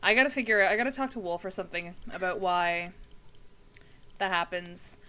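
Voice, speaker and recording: A woman's voice: on the low side, brisk, bright, forceful tone, smooth, low-quality recording. A tired young woman chatting casually with her chat during a gaming livestream, swearing freely as she plays. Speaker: streamer.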